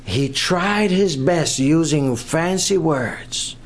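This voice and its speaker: A preacher telling a Bible story in a sermon, animated and chuckling, acting out the characters along the way. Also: medium pitch, slow.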